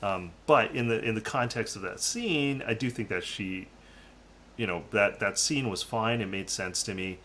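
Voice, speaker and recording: A man with a low-set, bright and forceful voice talks through his opinions in a relaxed podcast review. He hedges as he goes and keeps checking in with "right?". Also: moderate pace, slight background noise. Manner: hedging, tags statements with "right?". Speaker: podcast co-host. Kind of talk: casual review chat.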